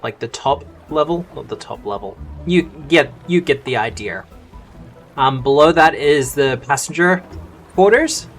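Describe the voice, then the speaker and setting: An easygoing man running a tabletop game as game master. His voice sits a touch higher than most men's as he lays out the rules step by step, with relaxed fillers along the way. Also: measured pace, soft background music.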